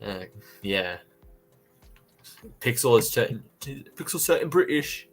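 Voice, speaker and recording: A man's voice: medium pitch, expressive, slow, faint music behind. A man co-hosting a live fan podcast in casual chat, teasing and laughing a lot. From not American. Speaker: podcast co-host.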